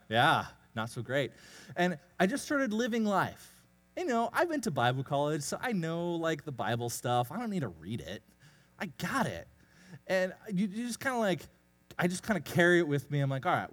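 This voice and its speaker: A young man preaching a casual sermon, telling a personal story in a self-deprecating, animated way. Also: fairly high pitch, moderate pace. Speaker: pastor.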